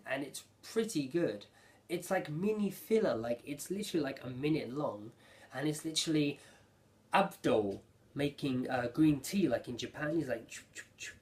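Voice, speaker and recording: A man giving a casual spoken recap of an anime episode, rambling and excitable, with lots of fillers and restarts. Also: mid-range voice. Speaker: anime reviewer.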